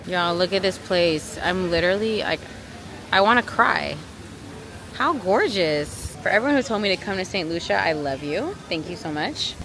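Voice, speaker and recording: A young woman vlogging casually, gushing and excited as she shows around. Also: fairly low pitch, moderate pace, background noise. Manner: bubbly, gushing. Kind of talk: casual vlog narration.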